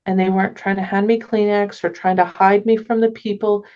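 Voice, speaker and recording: A woman talking earnestly as a podcast guest, gentle and often restarting her sentences. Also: mid-range voice, little pitch movement, fairly quick, highs cut off. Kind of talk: casual conversation.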